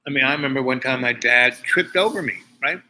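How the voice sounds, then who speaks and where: A man's voice: medium pitch, fast talker, sharp tone, a little hiss or hum, rough recording. An older man from Harlem, talking in a rambling personal monologue full of asides and restarts. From Harlem, New York. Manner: digressive storytelling with many restarts and asides. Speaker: host.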